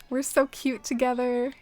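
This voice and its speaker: A woman's voice: fairly high pitch, darkish tone. A young woman streaming a game and chatting casually with viewers, filling her talk with "like" and "um" and laughing often. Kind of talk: casual gameplay chat with viewers.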